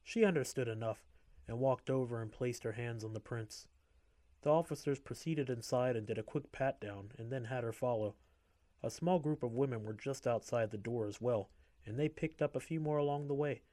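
A man reading a story aloud in a steady, measured way. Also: medium pitch, dry recording.

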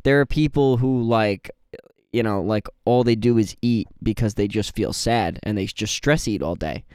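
A man's voice: lowish voice, normal speed, darkish tone, clear, resonant tone, no room sound, studio quality. A young man co-hosting a podcast, chatting casually and telling rambling, jokey stories. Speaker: podcast co-host.

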